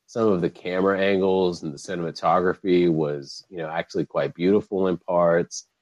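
Low-voiced guy on a podcast, animated, swears a lot, dry sound. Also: moderate pace, no room sound, lo-fi sound. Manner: animated, swearing, laughs often. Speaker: podcast host. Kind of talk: casual chat.

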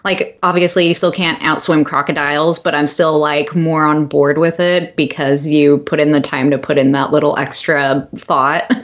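A woman's voice: low-pitched, little pitch movement, normal speed, few pauses, highs cut off. A woman co-hosting a podcast in casual chat, talking with lots of ums and frequent laughs. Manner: chatty, laughs often, many ums. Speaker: podcast co-host.

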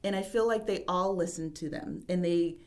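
A woman's voice: lowish voice, moderate pace, darkish tone. A woman who writes and produces an audio drama, chatting casually in an interview, often trailing off with fillers and laughing easily.

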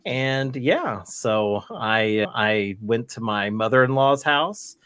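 Male podcast host, rambling and giggly, unhurried delivery, dry close sound. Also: medium pitch, lively intonation, a bit bright, smooth, no room sound. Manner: rambling, laughs through his words. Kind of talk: casual chat.

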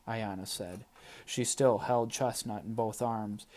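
A man narrating a first-person audiobook chapter in a steady, plain storytelling manner. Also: lowish voice, unhurried.

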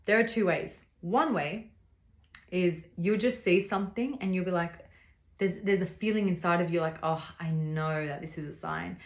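A woman's voice: fairly low pitch, normal speed. Earnest woman giving advice in a roomy room. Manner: earnest, direct, speaks straight to the listener. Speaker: podcast host. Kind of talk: casual faith-based advice talk.

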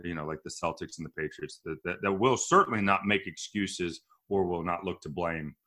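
A man's voice: sits low, brisk, bright, forceful tone. A man co-hosting a casual sports podcast, speaking with dry sarcasm and many restarts. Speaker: podcast co-host.

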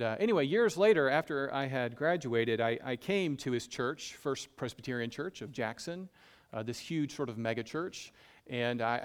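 A man's voice: medium pitch, clear, resonant tone. A man with a Southern US accent preaching a conversational sermon, folksy and self-deprecating, often repeating a point for emphasis. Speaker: pastor.

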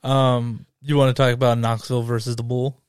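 A man's voice: medium pitch, flat delivery, a little fast, a little mellow, smooth, no echo, studio quality. A man co-hosting a podcast in casual chat, laid-back, swearing and laughing along. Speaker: podcast co-host.

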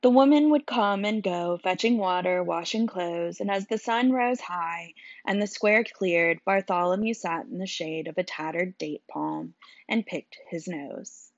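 Audiobook narrator: low woman, wry delivery, dull dry studio sound. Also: unhurried, dry recording. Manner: wry, dry first-person telling. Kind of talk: storybook narration.

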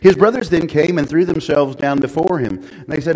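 A man preaching a sermon in church, folksy and conversational, building to loud, emphatic stretches. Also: a little high, fairly quick, hardly any pauses, low-quality recording. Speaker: pastor.

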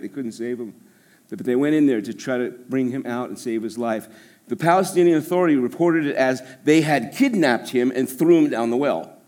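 Animated joking male preacher. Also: mid-range voice. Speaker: pastor. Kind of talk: sermon. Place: church service.

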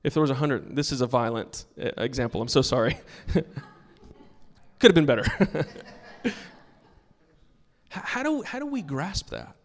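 A man's voice: mid-range voice, lively intonation, measured pace, long pauses, big-room sound. A pastor preaching a sermon to his congregation, emphatic and earnest, telling stories between points. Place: church sanctuary with a congregation.

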